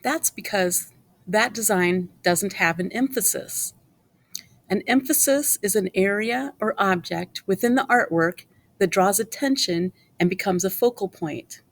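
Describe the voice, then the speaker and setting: A woman teaching an art lesson in scripted narration, explaining clearly and asking viewers questions. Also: medium pitch, a little slow.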